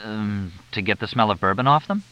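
A man voicing a young male newspaper reporter with dry, deadpan wisecracks. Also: fairly low pitch, a little fast, no echo. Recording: dull lo-fi dry recording.

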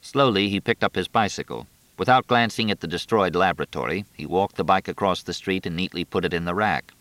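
A man reading a novel aloud in a steady, measured narration. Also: low-pitched, no room sound. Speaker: audiobook narrator. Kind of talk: scripted narration.

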